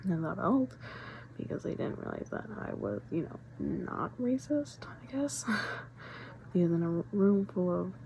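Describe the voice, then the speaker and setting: Gravelly low young woman, rambling. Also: very animated, a little slow, mellow, a little hiss or hum, rough recording. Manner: rambling with many fillers, often dropping to a whisper. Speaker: vlogger. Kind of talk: casual rambling chat.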